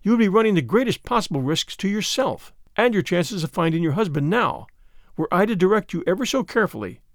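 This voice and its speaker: A man voicing a loyal, earnest young gentleman speaking formally. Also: high voice, animated, brisk, dry recording, clean studio sound.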